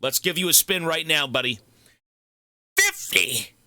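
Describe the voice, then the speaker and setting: A male live streamer chatting casually and thanking donors, excitable and effusive, swearing freely. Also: on the high side, brisk, no room sound, studio quality.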